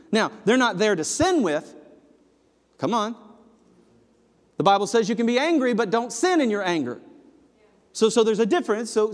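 A man preaching a sermon, swinging between loud emphatic passages and low hushed ones. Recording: long hall reverb.

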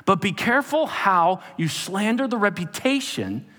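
A man's voice: sits high, big pitch swings, moderate pace, pushed and bright. A man preaching a sermon, emphatic and speaking straight to the congregation. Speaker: pastor. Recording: long hall reverb.

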